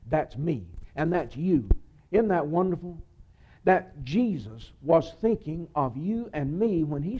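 A man preaching a sermon, retelling a story with a voice that swings from loud excitement to a quiet hush. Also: on the high side. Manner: dramatic storytelling, voice rising and dropping to a hush. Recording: muffled lo-fi recording.

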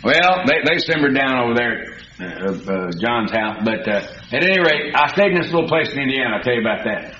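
A preacher delivers a folksy sermon, his bright and somewhat high voice climbing to emphatic peaks. The recording is muffled and carries the echo of a church hall with faint noise. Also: lively intonation, a little fast. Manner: folksy, storytelling, rising to emphatic. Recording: dull, echoey hall recording.

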